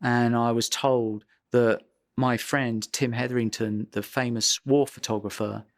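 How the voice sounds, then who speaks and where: A man, a photographer being interviewed, telling a personal anecdote in a vivid, dramatic way with pauses for effect. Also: mid-range voice, fairly even intonation, no room sound, clean studio sound.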